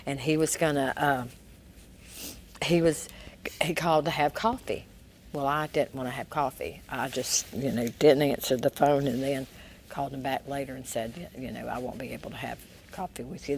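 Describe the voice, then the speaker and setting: A woman's voice: sits low, a little mellow, a little hiss or hum. A woman guest giving a personal testimony in a Christian talk interview, telling her story with animation and acting out the dialogue.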